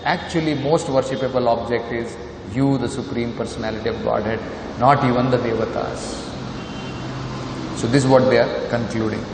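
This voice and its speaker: A man's voice: mid-range voice, steady tone, moderate pace. A man with an Indian accent giving a scripture lecture, emphatic, posing rhetorical questions and repeating his points. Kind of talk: sermon. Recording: echoey hall with faint noise.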